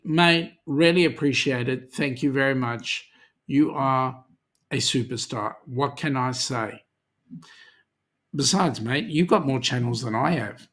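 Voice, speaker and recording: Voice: medium pitch, a bit bright. An Australian host chatting casually on a live cruising stream, reading viewer comments aloud with plenty of ums and friendly banter.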